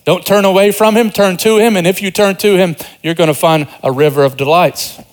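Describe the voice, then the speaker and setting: A man's voice: high voice, steady tone, fairly quick. Earnest man preaching a sermon. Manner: earnest preaching, rising emphasis then quiet asides. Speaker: pastor.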